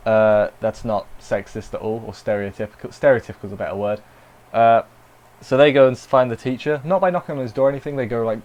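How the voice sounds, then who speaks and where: Casting note: male anime reviewer, mid-pitched, loose and rambling, dry sarcasm. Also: darkish tone, a little hiss or hum, poor audio. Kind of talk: casual spoken review.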